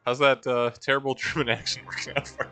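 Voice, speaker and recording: A man's voice: medium pitch, level tone, fast, sharp tone, faint music behind. A man hosting a let's-play, giving sardonic, jokey and rambling commentary. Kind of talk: casual gameplay commentary.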